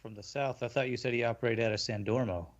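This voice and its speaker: A man at a tabletop game table, questioning the game master plainly at a middle pitch. His voice sounds slightly dull, as if from a home mic. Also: fairly even intonation, fast. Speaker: player. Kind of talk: casual game table chat.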